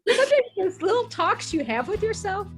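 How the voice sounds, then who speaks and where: A woman's voice: very high-pitched, big pitch swings, brisk, faint music behind. An older woman, a guest on a podcast, chatting casually with dry, playful wit. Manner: dry, witty, playful quips. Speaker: guest, mother of a comedian.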